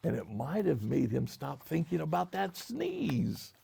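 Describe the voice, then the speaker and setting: Male storyteller, read-aloud for kids, high voice, very lively delivery. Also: unhurried, creaky, slightly rough. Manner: pointing out the pictures. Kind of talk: reading a picture book aloud to children.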